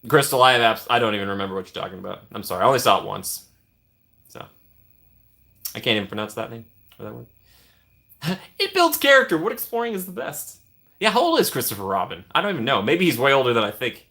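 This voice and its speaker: A man's voice: medium pitch, sing-song, quick pace, vocal fry, bright, forceful tone. A young man casually chatting on a live stream, reading and answering viewer comments with playful teasing.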